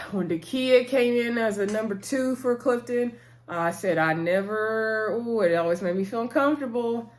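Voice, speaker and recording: A woman hosting her own channel, giving a chatty, opinionated recap of a reality show with frequent asides to her viewers. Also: mid-range voice. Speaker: channel host. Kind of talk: casual reality-TV recap commentary.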